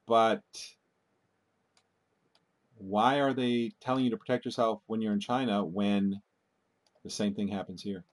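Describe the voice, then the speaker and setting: A man's voice: on the low side, steady tone, measured pace. Urgent man warning his viewers. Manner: urgent, warning, restarts mid-word. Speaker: video host. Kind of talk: casual commentary.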